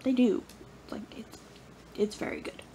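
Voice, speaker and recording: A woman's voice: measured pace, warm tone, whispered. A young woman vlogging casually about her day, rambling and playful, with lots of filler words. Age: young adult. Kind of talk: casual vlog diary.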